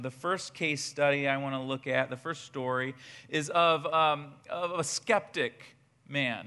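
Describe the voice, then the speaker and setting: A male pastor preaching a sermon in an animated way, often repeating words as he builds up. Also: high voice.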